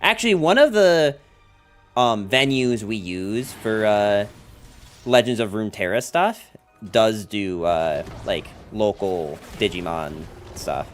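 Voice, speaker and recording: A man with a lowish, expressive voice talks slowly over soft background music. He's streaming a card game and chatting loosely with viewers, rambling with plenty of "like" and "um" and tossing jokey asides to chat.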